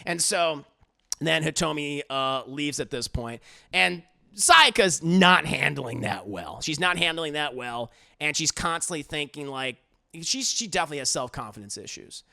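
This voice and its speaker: A man reviewing an anime episode in casual recap style, animated and profane, with lots of fillers. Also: a little high, moderate pace, creaky.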